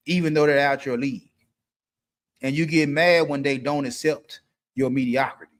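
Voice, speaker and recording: A middle-aged man hosts a live stream, dealing out blunt, preachy dating advice. He hammers each point by repeating it. His voice sits a little high for a man. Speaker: livestream host.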